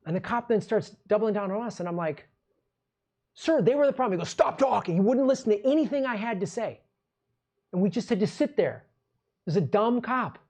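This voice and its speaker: A man's voice: sits high, animated, a little fast, darkish tone. A man hosting a political commentary show, ranting in an angry, sarcastic and profane way.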